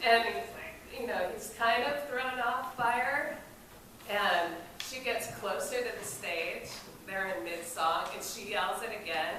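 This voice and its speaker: A woman telling a casual, lively story at an event, swearing and laughing as she goes. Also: medium pitch, measured pace. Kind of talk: casual spoken anecdote. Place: event space during a film screening. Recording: echoey room from far off, noisy.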